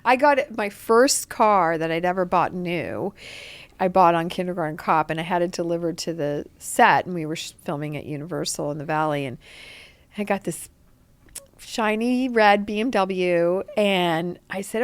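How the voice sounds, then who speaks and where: A woman's voice: fairly low pitch, normal speed, clean tone, no room sound. Woman, playful anecdote teller, dry close mic. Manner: playful, acts out quotes. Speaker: actress guest. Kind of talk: storytelling interview.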